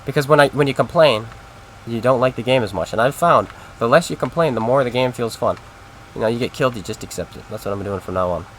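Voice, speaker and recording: This man streams a game and talks to his chat in a loose, meandering way, his medium-pitched voice moving quickly. The commentary is casual, with slight noise in the background.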